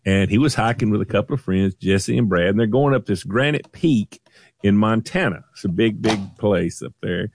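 A man co-hosting a radio morning show in a studio, telling a story in a relaxed, teasing way. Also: fairly low pitch, moderate pace, creaky, no echo. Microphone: studio microphone.

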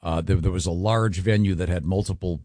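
A man hosting a radio show, telling stories in casual banter with frequent halting restarts. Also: low-pitched, steady tone, mellow, dry recording, clean studio sound. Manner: rambling, halting storyteller.

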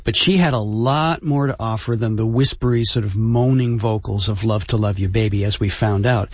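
A male co-host reads intros and chats in an easygoing way, laughing readily. His voice is a bit husky and dry, close to the mic. The sound is slightly dull. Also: fairly low pitch, moderate pace, no room sound. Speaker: radio co-host. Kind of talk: casual chat and scripted setups.

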